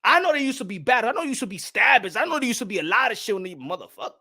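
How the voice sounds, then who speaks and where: A man's voice: very high-pitched, sing-song, rapid-fire, bright, forceful tone. A man from New York with a New York accent, talking in a loose, profane, laughing monologue as a boxing channel host. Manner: loose, swearing, laughing often.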